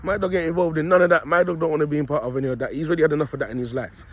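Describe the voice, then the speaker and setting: Husky-voiced man, rambling preacher. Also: a little high, fairly even intonation, very fast. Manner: rambling, street slang, repeats "you get me". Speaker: self-styled prophet vlogger. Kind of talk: casual preaching monologue.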